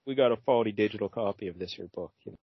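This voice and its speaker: A man's voice: lowish voice, very fast, husky, no echo. A male podcast host recapping a comic in loose, jokey chat. He rambles and fills his speech with plenty of "uh"s. The sound is dry and dull, like a lo-fi recording. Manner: rambling and jokey, with many fillers.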